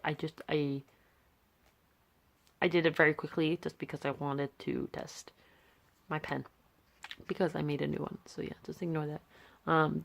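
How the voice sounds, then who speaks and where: Casual young female vlogger, a bit low-pitched, rambling and sleepy. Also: a little mellow. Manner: rambling, self-deprecating, many fillers. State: sleepy, yawning. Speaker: artist vlogger. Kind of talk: casual sketchbook tour chat.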